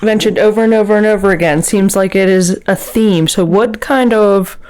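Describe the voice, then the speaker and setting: Female co-host, measured and playful, casual interviewer. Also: medium pitch, darkish tone, smooth. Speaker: podcast co-host.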